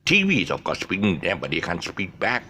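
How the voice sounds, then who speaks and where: A man's voice: low-pitched, huge pitch swings, quick pace, sharp tone, slight background noise. A man teaching English pronunciation casually, stretching the stressed syllables to demonstrate and restarting his sentences often. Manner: explains with many restarts and fillers. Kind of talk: casual spoken English lesson.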